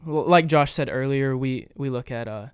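Earnest man explaining scripture, smooth voice. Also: medium pitch, moderate pace, dry recording, studio quality. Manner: earnest, explanatory, with frequent fillers. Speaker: podcast co-host. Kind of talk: casual Bible discussion.

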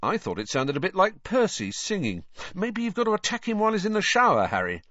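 George, a mocking prankster twin. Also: male voice, sits high, huge pitch swings, quick pace, sharp tone, no room sound, pitched above the performer's own voice, full character voice. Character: wisecracking teenage prankster twin boy. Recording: dry, slightly dull studio recording.

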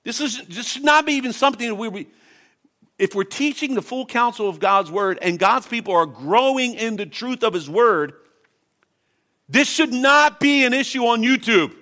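Impassioned bright-voiced male pastor preaching. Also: extremely high pitch, animated, normal speed. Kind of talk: sermon.

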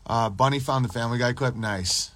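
A man's voice: medium pitch, brisk, a bit bright, no room sound. Dry-voiced man rambling on a livestream. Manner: profane, loose, rambling, drops into mocking impressions; reads and answers chat messages. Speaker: podcast livestreamer. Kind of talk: casual rambling livestream monologue.

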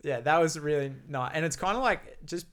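A man's voice: fairly high pitch, fairly quick, clean tone. A young man co-hosts a casual podcast. He talks loosely and easily, with plenty of fillers. He sounds comfortable among friends. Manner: relaxed, rambling, many fillers. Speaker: podcast co-host. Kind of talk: casual chat.

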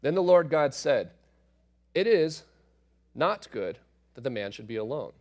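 A man, a father, teaching through a Bible passage in a relaxed, conversational way, with asides and fillers as he explains. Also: mid-range voice, moderate pace. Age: adult parent.

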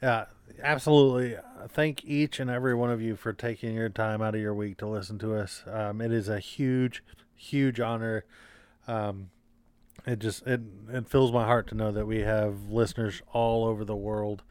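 A man co-hosting a casual podcast, teasing his partner and rambling through plans with plenty of "uh" and "um". His voice is smooth and clear, and it sounds close and dry with no room around it. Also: on the low side, flat delivery, normal speed, dry recording. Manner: joking, rambling with fillers and restarts. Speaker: podcast co-host.

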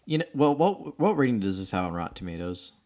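A man's voice: lowish voice, big pitch swings, fast talker, darkish tone. A man co-hosting a casual podcast, blunt and teasing in his opinions. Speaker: podcast co-host.

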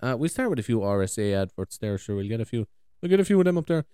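Sweary Irish man, lively and rambling. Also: mid-range voice, fast talker, clear, resonant tone, no echo, clean studio sound. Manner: rambling, sweary, laughs easily. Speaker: podcast host. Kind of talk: casual chat.

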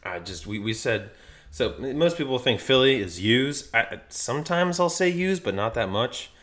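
A man's voice: medium pitch, expressive, moderate pace, fairly bright tone. A man from Philadelphia, a podcast guest, chatting casually and rambling as he loses his thread. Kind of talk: casual chat.

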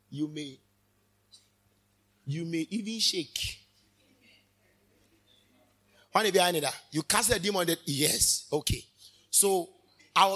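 A male minister preaches a fervent sermon in a high, sharp voice edged with husky breathiness. He lurches between hushed asides and sudden loud bursts.

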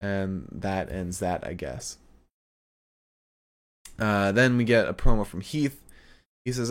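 A podcast co-host recaps a show in rambling, casual chat packed with fillers and laughter. His voice is low, his pace slow, and he leaves long pauses.

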